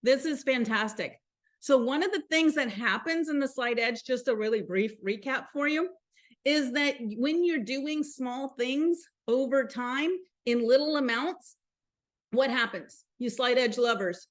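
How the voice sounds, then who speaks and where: A woman's voice: a little high, measured pace. A woman with a Southern accent hosting a live motivational talk, chatty and upbeat, speaking straight to her viewers. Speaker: host.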